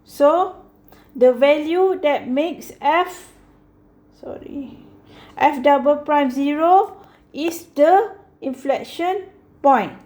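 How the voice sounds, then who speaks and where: A woman with a high voice walks through a math lesson at an unhurried, careful pace. She keeps stopping to check in with "okay" and fixes her own slips as she goes, patient and methodical throughout. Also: a little mellow. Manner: slow and patient, repeats "okay" often; corrects herself mid-sentence. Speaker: math teacher.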